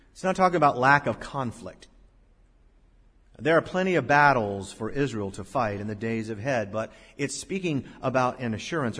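A man preaching a sermon as pastor to his congregation, swinging between loud emphasis and quiet, confiding asides. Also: mid-range voice, husky. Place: large church sanctuary. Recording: reverberant hall. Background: congregation in the room.

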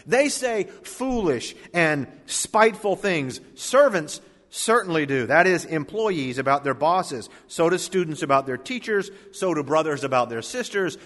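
A man preaching a sermon as pastor, emphatic, with sudden drops and surges in loudness. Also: on the high side, in a large hall.

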